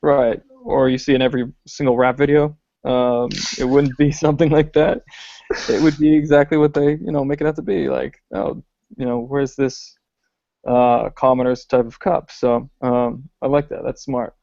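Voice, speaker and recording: A podcast co-host with a mid-range, dark-toned voice speaks at normal speed with a level tone and vocal fry. He thinks aloud hesitantly, using many fillers, in a casual chat about films. The recording is dry, dull lo-fi podcast audio.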